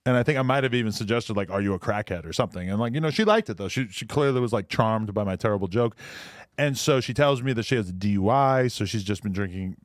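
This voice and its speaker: A man's voice: on the low side, animated, fast, no echo, studio quality. Crude, joking podcast co-host man. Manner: crude joking, reads product label aloud. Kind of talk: casual podcast banter.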